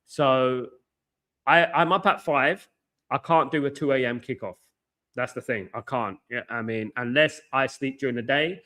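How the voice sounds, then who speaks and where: A married man from hosting a football watchalong, talking fast and passionately, with lots of repetition and shout-outs to chat. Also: mid-range voice. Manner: excitable, buzzing, repeats phrases, reads chat aloud. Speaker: watchalong host. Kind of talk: casual live-stream chat. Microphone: headphones with mic.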